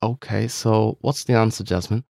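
A man's voice: lowish voice, steady tone, normal speed, creaky, a little mellow, dry recording, clean studio sound. A man co-hosting a scripted language lesson, upbeat and encouraging toward listeners.

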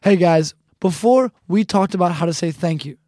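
A woman teaching a language lesson, saying phrases slowly and repeating them with care. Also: lowish voice, dark tone, no room sound, clean studio sound. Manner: slow, deliberate repetition of phrases.

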